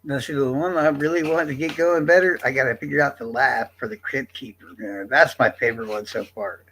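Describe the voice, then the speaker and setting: Gravelly, blunt live-streamer man. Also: medium pitch, fairly quick, sharp tone, low-quality recording. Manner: blunt, exasperated, profane. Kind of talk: casual live-stream chat.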